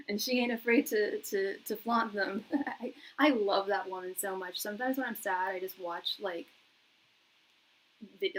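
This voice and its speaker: A woman's voice: mid-range voice, a bit bright, poor audio. A young woman reading tarot on a live stream, chatting casually with lots of fillers, laughs and repeated words. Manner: reads viewers' chat messages aloud. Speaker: tarot reader and psychic.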